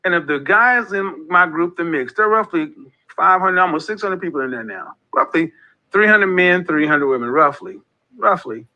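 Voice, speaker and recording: A man's voice: sits high, animated, normal speed, muffled recording. A man in his forties hosting a casual monologue, talking emphatically and repeating phrases like a preacher. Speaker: host of a men's group talk.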